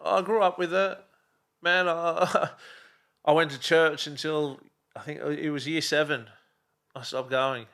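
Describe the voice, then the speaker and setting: A middle-aged Australian man talking as a podcast guest in a relaxed, blunt way, swearing freely and leaning on fillers. His voice sits a touch high for a man and sounds bright and forceful. He keeps the rhythm loose and conversational. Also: unhurried, vocal fry, clear, resonant tone. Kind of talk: casual chat.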